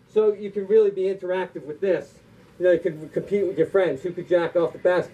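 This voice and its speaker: A man's voice: sits high, steady tone, slightly rough. A man doing stand-up comedy, rattling off long tongue twisters and sounding out of breath. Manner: rapid tongue-twister patter with silly punchlines. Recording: tinny phone-like sound.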